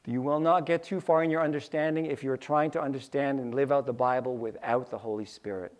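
A man's voice: mid-range voice, steady tone, brisk. A man preaching a sermon, acting out little scenes with sound effects and repeating key lines for emphasis. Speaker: pastor.

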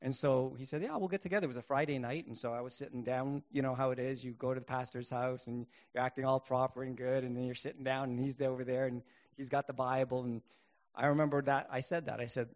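A middle-aged man preaching a sermon and telling his own testimony, earnest, rising to emphatic bursts and then dropping quiet. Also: medium pitch, fairly even intonation, fast talker.

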